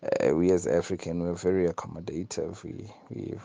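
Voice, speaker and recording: A man's voice: deep voice, steady tone, normal speed, creaky, dark tone, no echo. A man voicing a trusting male frog in a spoken folk tale, friendly but wary.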